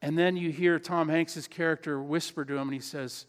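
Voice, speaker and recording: A man's voice: on the high side, steady tone, moderate pace, few pauses, clean tone. A pastor preaching a sermon in his church, earnest and emphatic, repeating key phrases. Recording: long hall reverb.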